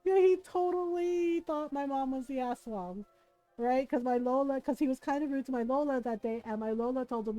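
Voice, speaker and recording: High-voiced, animated woman streamer. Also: normal speed, soft background music, low-quality recording. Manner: animated, profane, laughing storyteller. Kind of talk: casual game stream chat and storytelling.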